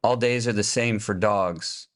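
A man voicing a talking male stray dog in a spoken short story, speaking quietly, sadly and gravely. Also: on the low side, a little slow, natural voice.

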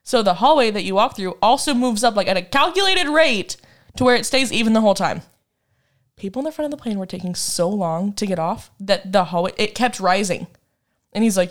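A woman's voice: mid-range voice, expressive, a little fast. A woman in her twenties chatting casually as a podcast co-host, telling a rambling, dramatic story full of laughs. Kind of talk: casual chat.

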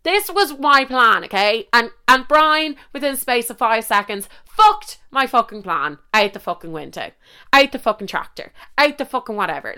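A young Irish woman hosting a podcast, telling a story in a lively, indignant monologue full of swearing. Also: on the high side, clean tone. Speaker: podcast host.

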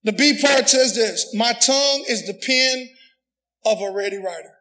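A middle-aged man preaches in a strikingly high voice. His tone is bright and forceful. He often rises to a shout and calls on the congregation to say amen. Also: a little slow, poor audio. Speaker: pastor. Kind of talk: sermon.

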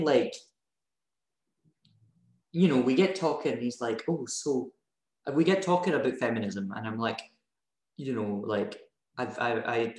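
A woman with a Scottish accent tells stories in a loose, profane, animated way. She sounds like a union organizer chatting casually on a podcast. Her voice carries a roomy echo. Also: very deep voice. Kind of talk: casual podcast chat, storytelling.

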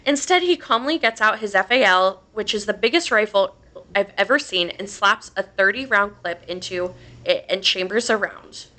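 A woman's voice: mid-range voice, normal speed, pushed and bright. A woman podcast host casually reading a horror story aloud, swearing freely and laughing between lines.

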